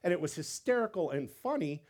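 A man preaching a sermon as pastor, animated, repeating words and acting out quotes. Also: on the high side, a little fast.

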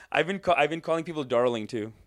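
A man's voice: on the high side, no room sound, clean studio sound. A man who co-hosts a podcast and does stand-up comedy, chatting casually, laughing a lot and slipping into bits. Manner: animated, laughing, breaks into act-outs.

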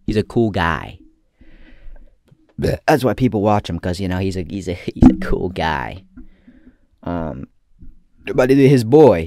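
A young man hosting a crude comedy commentary, swinging from loud shouting bits to a mocking, profane rant. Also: fairly low pitch, dry recording, studio quality.

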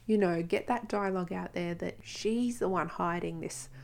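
A woman hosting a podcast, telling her own story in a frank, earnest monologue with quick asides. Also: on the low side, creaky. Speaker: podcast host.

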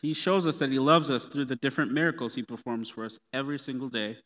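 A man preaching a sermon in a relaxed, conversational way with playful asides. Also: medium pitch, fast. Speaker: pastor. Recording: long reverb of a hall.

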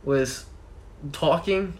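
A man's voice: fairly high pitch, slow pace, a little mellow. A teenage boy chatting casually and chiming in with quips and slang. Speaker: friend in chat. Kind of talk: casual chat.

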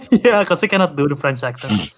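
A man hosting a casual podcast chat, animated and rambling, laughing easily. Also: fairly high pitch, moderate pace, slight background noise. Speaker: podcast host.

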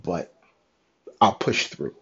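A young man talking in a raw, halting, emotional confessional monologue, cursing often. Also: fairly bright tone. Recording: dull lo-fi sound.

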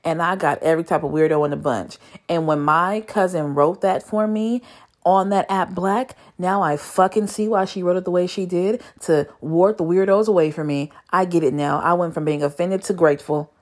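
A young woman telling a dating story in a casual vlog, profane and exasperated, with her voice leaping up in disbelief. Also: moderate pace. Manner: animated, profane, exasperated storytelling with sudden high squeals of disbelief. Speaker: vlogger.

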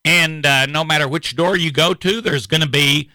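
A man's voice: on the high side, normal speed, pushed and bright, no room sound, low-quality recording. A man hosting a radio talk show, talking in a folksy, rambling way.

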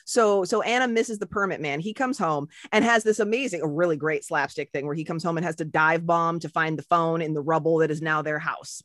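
A woman's voice: on the low side, fairly bright tone, dry recording, studio quality. A woman co-hosting a podcast, retelling movie scenes in casual, profane chat. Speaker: podcast co-host.

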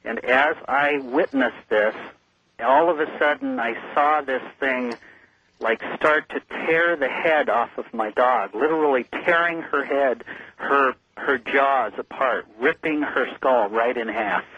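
A man's voice: medium pitch, measured pace, slightly rough, no room sound. A man calling in as a guest on a radio interview, telling his story in an earnest, vivid way. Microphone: telephone. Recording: muffled phone line.

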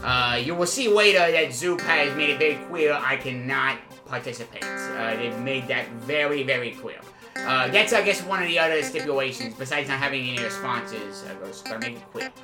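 Rambling comedy podcast host, lively pitch. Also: male voice, reverberant, over music. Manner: rambling, halting with many fillers, suddenly emphatic. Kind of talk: improvised comedy podcast banter.

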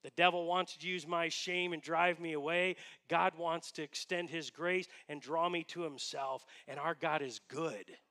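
A man delivers a sermon from the pulpit, speaking earnestly and pressing his points with rhetorical questions. His voice sits high for a man and has a bright, forceful edge. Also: steady tone, measured pace, few pauses. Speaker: pastor.

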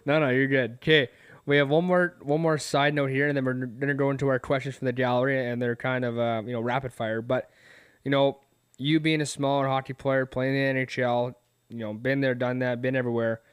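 A man hosts a casual interview and moves it along with loose, easygoing questions. His voice is smooth and clear, recorded dry and close. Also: medium pitch, level tone, a little fast, dry recording. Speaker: podcast host.

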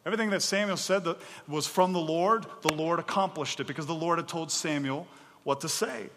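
A man's voice: fairly high pitch, a little fast, background noise. Man preaching in a reverberant hall. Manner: conversational, emphatic preaching with casual asides. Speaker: pastor. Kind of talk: sermon.

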